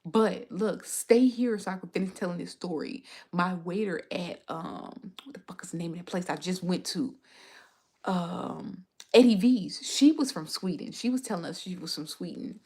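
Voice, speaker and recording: A woman's voice: lowish voice, normal speed, darkish tone, husky. A young woman chatting casually on a livestream, rambling through stories with frequent restarts. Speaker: food and travel content creator streaming live.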